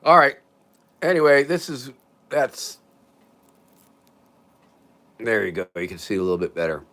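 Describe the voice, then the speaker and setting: Older man, livestream host, bright tone, rambling, chuckling, reading chat comments. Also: mid-range voice, sing-song, measured pace. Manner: rambling, chuckling, drifts between loud and quiet.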